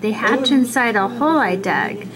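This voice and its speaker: A woman voicing a calm, matter-of-fact mother turtle in a storybook reading, speaking firmly. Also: fairly high pitch, moderate pace, crowd noise, lightly acted, low-quality recording.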